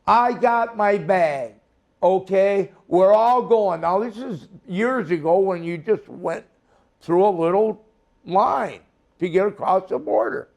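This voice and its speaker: A man's voice: sits high, slow pace, gravelly. An older man from Minnesota telling a heated, profane story in an interview as a former wrestler. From Minnesota, USA.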